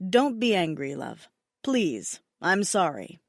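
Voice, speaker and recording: A woman voicing a stern male dragon lord who teases his mate in a low, coaxing voice in an audiobook. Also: very animated, slow pace, vocal fry, no room sound, clean studio sound, exaggerated voice. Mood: teasing. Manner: low, coaxing, often laughing.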